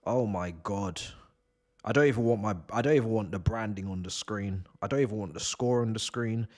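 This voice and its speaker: A man's voice: on the low side, quick pace. A young man streaming a live football watch-along from home, ranting and swearing with bursts of laughter. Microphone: desk mic.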